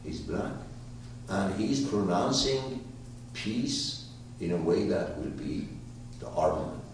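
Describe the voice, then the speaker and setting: A man tells an old story to a gathered group, slowly and with lots of pauses, his pitch leaping up and down as he quizzes his listeners. His voice comes from some way off the mic and rings around a very echoey room. A faint background hum sits under it. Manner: animated storyteller, questions the listeners. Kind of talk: storytelling talk to a live group. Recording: roomy hall, voice from far off.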